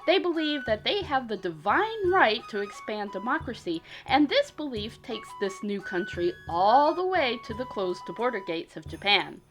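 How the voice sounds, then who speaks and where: A woman's voice: on the high side, a bit bright. A woman storyteller performing a comic historical tale in a playful, punchy way.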